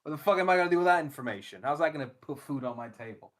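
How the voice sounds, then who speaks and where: A man's voice: fairly high pitch, very fast, a little hiss or hum. Sweary ranting man, casual chat. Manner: sweary, ranting, animated asides. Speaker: podcast co-host.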